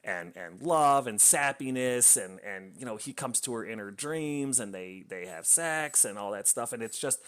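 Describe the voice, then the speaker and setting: A man's voice: medium pitch, lively intonation, moderate pace, hardly any pauses, fairly bright tone, clear, resonant tone. A man reviewing a book, casually retelling its plot in a rambling way with lots of fillers and restarts.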